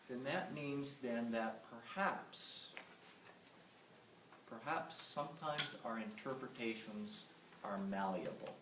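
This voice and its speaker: A man's voice: medium pitch, fairly bright tone, slight background noise. Man lecturing in an echoey room. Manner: emphatic, checks in with "all right?" and "right?". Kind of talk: public lecture. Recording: roomy, distant from the mic.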